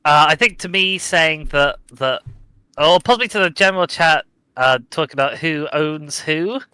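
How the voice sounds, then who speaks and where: A man's voice: fairly high pitch, normal speed, bright, forceful tone, clear, resonant tone, no echo, rough recording. A man chatting with a friend while playing a game together, in a wry and playful way. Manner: wry, playful, lightly sarcastic. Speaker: co-player. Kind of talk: casual gaming chat over voice call.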